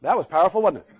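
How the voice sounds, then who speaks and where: Brief: higher-pitched male safety speaker, sarcastic keynote humor, talks to the crowd. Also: a bit bright, a little hiss or hum. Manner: sarcastic, joking, acts out what people say. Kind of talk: humorous keynote talk to an audience.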